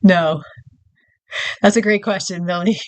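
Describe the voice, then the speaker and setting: A woman's voice: fairly low pitch, measured pace, dry recording. A woman from New York co-hosting a podcast, chatting casually, laughing often as she answers listener questions. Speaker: podcast co-host.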